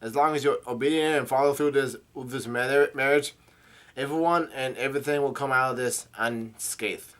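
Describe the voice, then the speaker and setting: A man's voice: medium pitch, normal speed, a bit bright, natural voice. A man reading the lines of a stern older king and father, in a cold, commanding, lecturing manner.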